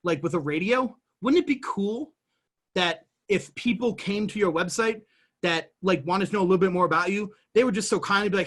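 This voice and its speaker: Brief: male guest, husky tone, lively casual explainer. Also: sits high, fairly quick. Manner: animated, jumps between everyday examples. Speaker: guest entrepreneur explaining business.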